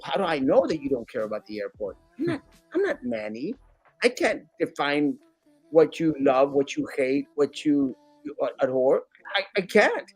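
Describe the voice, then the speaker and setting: Husky, animated man. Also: fairly high pitch, normal speed, no room sound, soft background music. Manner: animated, acts out critics in mocking voices; many restarts and fillers. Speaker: guest, sitting school board member. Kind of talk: casual interview talk.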